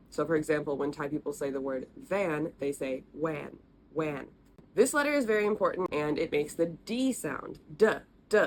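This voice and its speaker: A woman teaching the letters and sounds of an alphabet in a friendly, patient way, repeating each sound slowly. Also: deep voice, slight background noise. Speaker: language teacher. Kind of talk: explaining, recorded lesson.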